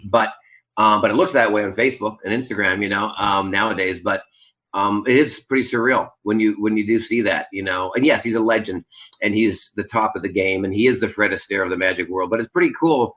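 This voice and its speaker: A man's voice: fairly low pitch, a little fast, fairly bright tone, rough recording. A man from Canada, a Las Vegas magician, reflecting in a rambling way with many fillers in a casual interview.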